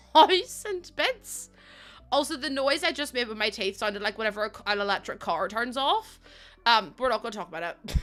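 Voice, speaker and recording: A woman's voice: on the high side, pushed and bright. A woman streaming live, chatting casually with her viewers, greeting them and laughing often.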